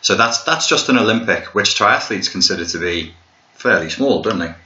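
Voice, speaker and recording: A man's voice: fairly low pitch, expressive, normal speed, bright, forceful tone. A British man hosting a podcast, talking casually, joking and swearing freely. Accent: British English. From Britain. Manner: joking, swearing, mocking, chatty. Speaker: podcast host and life coach. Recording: echoey room, dull lo-fi sound.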